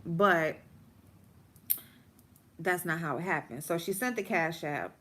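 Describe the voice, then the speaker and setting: A woman telling a story during a livestream, animated and blunt, with plenty of swearing. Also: on the low side, takes it slowly. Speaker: livestream host. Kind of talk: casual storytime rant.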